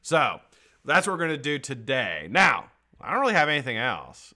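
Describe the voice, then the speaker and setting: Bright, lively man chatting on a live stream. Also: medium pitch, normal speed. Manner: profane, joking, laughs often. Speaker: livestream host. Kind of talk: casual live-stream chat.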